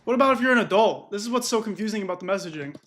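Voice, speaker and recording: A man's voice: sits high, expressive, racing, fairly bright tone. A man hosting a political commentary video, sarcastic and mocking.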